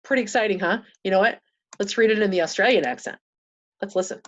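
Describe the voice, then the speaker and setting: A woman's voice: medium pitch, fast talker, highs cut off. A woman talking through a casual screen-share tutorial, thinking aloud with many fillers and restarts.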